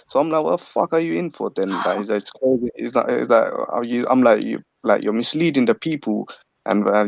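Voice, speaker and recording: A man's voice: mid-range voice, vocal fry, no echo. A man on a livestream panel, telling a rambling story and swearing and laughing often. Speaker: panel guest. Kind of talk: casual livestream chat. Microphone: video call.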